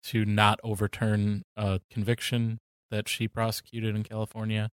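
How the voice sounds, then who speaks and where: A man co-hosting a political podcast, talking in a deliberate, dry way with wry jokes. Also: fairly low pitch, monotone, clear, resonant tone, no room sound. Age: older than co-host. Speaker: podcast co-host. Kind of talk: casual political chat.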